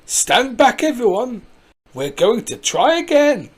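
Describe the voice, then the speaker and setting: Reader doing an eager farmer, clumsy, hearty, husky. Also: medium pitch, sing-song, slow pace, pitched above the performer's own voice, full character voice.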